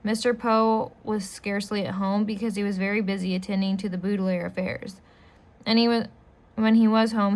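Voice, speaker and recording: A woman reading a children's novel aloud as a storyteller, steady and unhurried. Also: medium pitch.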